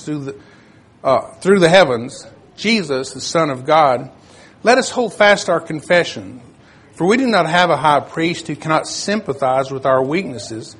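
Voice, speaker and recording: An older man delivers a sermon in an easygoing, conversational tone, stopping now and then to find his place in the scripture. His voice sits a little high and has a husky grain to it. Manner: plain conversational preaching, reads scripture aloud; searches for verses, self-correcting. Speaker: preacher.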